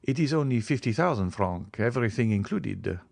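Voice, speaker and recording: A man's voice: medium pitch, expressive, normal speed, vocal fry, darkish tone, no echo. A man voicing a plain, polite provincial notary who chatters eagerly about a sale. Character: plain, fee-minded provincial male notary.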